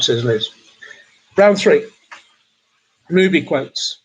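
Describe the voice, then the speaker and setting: A man with a husky, slightly rough voice hosts a charity pub quiz over a livestream. He chats easily and reads viewers' messages aloud between questions. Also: a little high, lively intonation, slow pace, long pauses, muffled recording. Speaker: quiz host.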